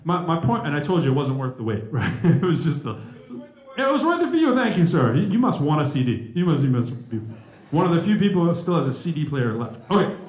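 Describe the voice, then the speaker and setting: A man's voice: fairly high pitch, fast. Joking man lecturing in an echoey hall. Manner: joking, animated, chatty. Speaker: rapper and math professor giving a talk. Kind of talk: lively campus talk with humor. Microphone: handheld mic. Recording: echoey room.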